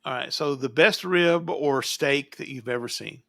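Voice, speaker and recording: Gravelly, bright-toned co-host man. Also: medium pitch, normal speed, no echo, studio quality. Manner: reads audience questions. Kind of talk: casual chat.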